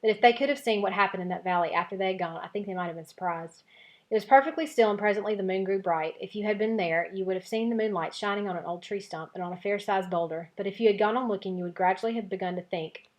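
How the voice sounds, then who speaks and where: A woman teacher reads a children's novel aloud to her class. Her narration is expressive storytelling at a middling pitch, steady and clear.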